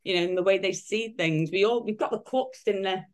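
A woman's voice: medium pitch, brisk. A woman in her fifties, a guest in a casual interview, talking in rambling sentences full of restarts and fillers. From United Kingdom. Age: 50s.

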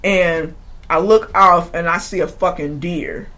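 Animated young woman telling a story. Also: fairly low pitch, a little slow. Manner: animated, swears freely, acts out quotes. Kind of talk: casual storytelling chat.

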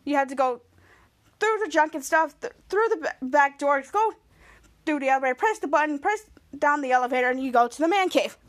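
A woman's voice: high voice, animated, fairly quick. A woman podcast host recapping a TV episode in casual, rambling talk with many restarts.

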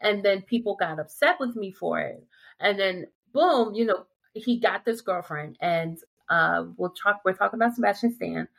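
A woman hosting a casual podcast chat, telling stories with lively delivery and acting out quotes in playful voices. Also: mid-range voice, normal speed, creaky. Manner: animated storytelling, acts out quotes in playful voices. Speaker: podcast host.

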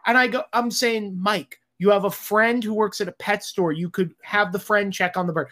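In an interview, this director talks openly and bluntly, clearly exasperated, swearing a lot and acting out the dialogue from the stories he tells. His voice sits high with a steady, sharp tone, moving at normal speed with few pauses.

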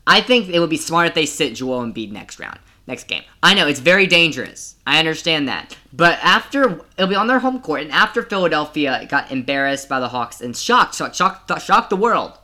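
A man's voice: fairly high pitch, very animated, normal speed, few pauses, bright, forceful tone. A young man hosting a solo sports podcast, talking in a casual, rambling way with many restarts. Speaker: podcast host.

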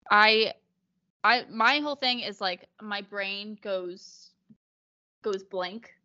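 A young woman co-hosts a casual podcast, giggling and cheering her partner on. Her voice is bright and forceful. The recording sounds slightly dull and lo-fi. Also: mid-range voice, takes it slowly. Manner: giggly, chatty, supportive. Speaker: podcast co-host. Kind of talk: casual chat.

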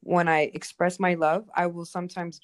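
A young art teacher and painter from a Kurdish family chats casually at a normal pace, her voice on the low side. She's animated and expressive, using lots of fillers.

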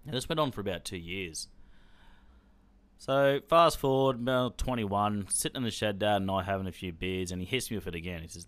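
A man's voice: lowish voice, fairly quick, a bit bright, no echo. An Australian man hosting a podcast, telling a personal story in a blunt, rambling way with plenty of swearing. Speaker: podcast host.

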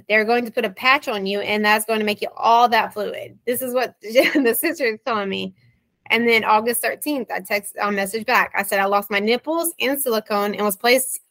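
A woman's voice: fairly high pitch, fairly bright tone, dry recording. A woman in her thirties, a guest recounting a bad experience, quoting messages back and forth with a wry, exasperated manner. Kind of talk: interview storytelling.

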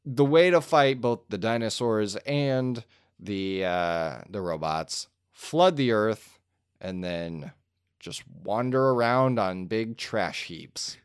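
Guy with a smooth lowish voice, rambling fan theory chat, dry close mic. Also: slow, dry recording. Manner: rambling, animated storytelling with fillers. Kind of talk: casual film discussion.

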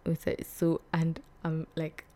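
A young woman, telling a personal story on her vlog in a soft, hesitant way that often drops to a whisper. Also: deep voice, completely flat delivery, slow. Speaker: vlog host.

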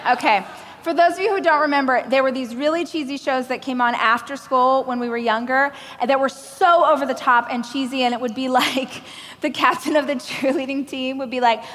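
Brief: woman keynote speaker, bright high voice, lively self-mocking storyteller, big reverberant hall. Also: a little fast. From Oklahoma, US. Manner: animated storytelling, acting out other people's lines; self-deprecating humor. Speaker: motivational speaker. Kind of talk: keynote speech. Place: large event stage.

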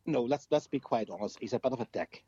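A man's voice: medium pitch, expressive, fast, dark tone, slightly rough, dry recording, dull audio. A man with a Northern Irish accent, a guest on a casual podcast, trading cheeky jokes with the hosts. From Northern Ireland. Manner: cheeky, joking banter.

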